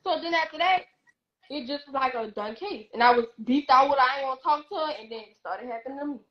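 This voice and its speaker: A young woman telling a personal story on a live stream, animated and emphatic, acting out what others said. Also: high-pitched, quick pace, muffled recording. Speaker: guest.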